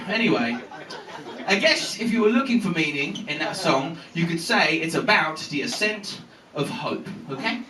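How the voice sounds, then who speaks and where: High, lively comic on stage. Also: male voice, moderate pace. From England. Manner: animated, sweary storytelling with sung snippets. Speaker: stand-up comedian. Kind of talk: live stand-up set. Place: comedy venue with live audience. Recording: echoey bootleg audio from a distance.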